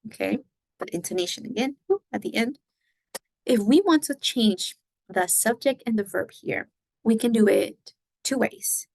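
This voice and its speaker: A woman's voice: fairly high pitch, expressive, unhurried, creaky, a little mellow, dry recording, low-quality recording. A woman teaching a Spanish lesson, explaining patiently step by step and moving between English and Spanish. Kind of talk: recorded classroom lesson.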